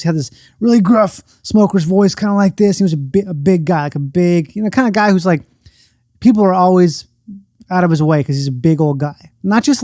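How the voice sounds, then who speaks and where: High-voiced, rambling, jokey man. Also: darkish tone, dry recording, studio quality. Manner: rambling, jokey, self-mocking. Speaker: podcast guest. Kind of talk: casual chat.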